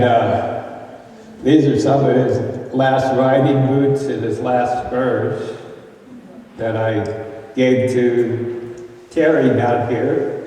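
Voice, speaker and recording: A man's voice: mid-range voice, dark tone. An older man from Arizona, telling ranch stories in a rambling, folksy way with many fillers. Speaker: former ranch boy telling local history. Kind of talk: casual storytelling. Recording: echoey roomy hall from far off.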